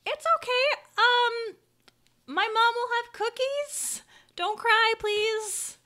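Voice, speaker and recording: A woman putting on a high-pitched young boy. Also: takes it slowly, pushed and bright, heavily acted. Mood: comforting. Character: young human boy, anxious and eager to help.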